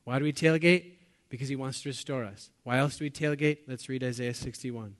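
A man preaching a sermon to his congregation, asking them questions and swinging between loud bursts and quiet, low lines. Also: a little fast. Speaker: pastor.

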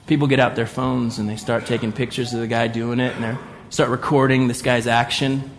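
A man's voice: mid-range voice, level tone, fairly quick. Man retelling a parable, big hall. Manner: vivid, imaginative retelling, swinging between loud and hushed. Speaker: pastor. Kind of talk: sermon storytelling.

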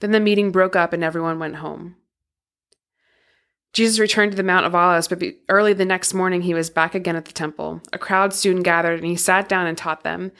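A woman's voice: lowish voice, steady tone, a little fast, a bit bright. Woman steadily reading scripture aloud. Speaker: podcast co-host.

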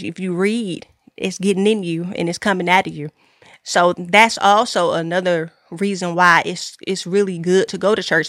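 A woman's voice: mid-range voice, fairly bright tone, no echo, clean studio sound. A woman podcast host, giving an earnest faith-based talk to her listeners, repeating key lines with preacher-like emphasis.

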